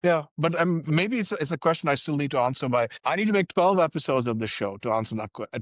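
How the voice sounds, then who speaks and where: A man from India, a guest on a podcast, answering in a thoughtful and measured way. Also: fairly high pitch, lively intonation, no echo, studio quality. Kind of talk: casual podcast conversation.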